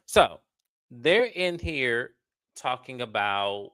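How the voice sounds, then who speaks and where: A man hosting a casual reality TV recap, blunt and animated, full of slang. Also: medium pitch, very slow, smooth, no room sound. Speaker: reality TV review host.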